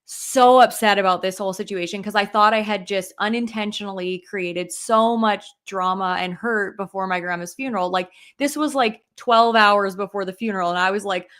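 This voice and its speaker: A woman's voice: medium pitch, moderate pace, hardly any pauses, a bit bright. A young adult woman co-hosting a podcast, telling a personal story in casual chat with many "like" fillers and open emotion. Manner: emotional, heavy use of "like" fillers. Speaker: podcast co-host.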